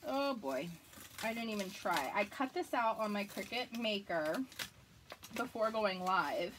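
A woman in her thirties hosts a live crafting video, chatting casually and laughing often. Her voice is medium-pitched, and there's a little hiss or hum in the recording.

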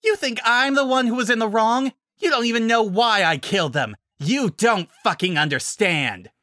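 A man's voice: very high voice, expressive, very slow, sharp tone, dry recording, studio quality, pitched above the performer's own voice, exaggerated voice. A man voicing an unhinged, vengeful female ex-flier villain who screams and swears in a frantic rage. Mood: raging.

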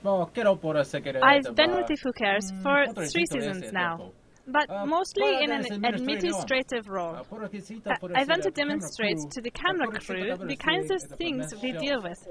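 A woman's voice: sits high, big pitch swings, moderate pace, over a noisy crowd. A woman doing an earnest station administrator.

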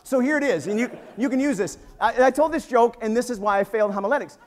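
A man in his fifties, a pastor preaching a sermon in a church, telling jokes and stories with lively, animated energy. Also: extremely high pitch, quick pace. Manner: energetic, joking, animated storytelling. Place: church sanctuary.

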